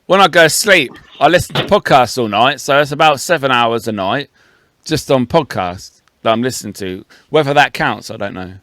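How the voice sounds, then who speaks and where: A man's voice: mid-range voice, expressive, normal speed, pushed and bright, no echo. A man co-hosting a casual podcast chat, blunt and emphatic and swearing. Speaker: podcast co-host.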